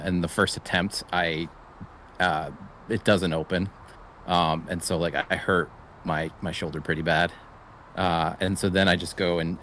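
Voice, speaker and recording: A man playing a tabletop game, describing his character's actions hesitantly, with many pauses. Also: low voice, fairly bright tone, a little hiss or hum. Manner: hesitant, many fillers and restarts. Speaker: player. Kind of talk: casual tabletop play.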